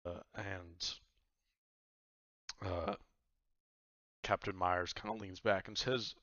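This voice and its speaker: A man's voice: low voice, fairly even intonation, takes it slowly, sharp tone, no echo, lo-fi sound. A man narrating as game master, rambling and loose, with lots of fillers. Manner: rambling, many fillers and hedges.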